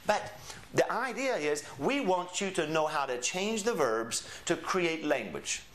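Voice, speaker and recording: Lively man teaching Spanish. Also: a little high, unhurried. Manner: chatty, explanatory, sprinkles Spanish phrases. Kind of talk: promotional course lesson.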